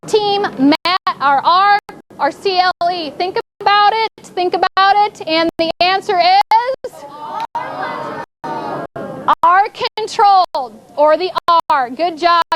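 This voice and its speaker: A woman's voice: very high voice, a bit bright, slight background noise, low-quality recording. A woman teaching a classroom, coaxing pupils through call-and-response prompts. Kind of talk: classroom instruction.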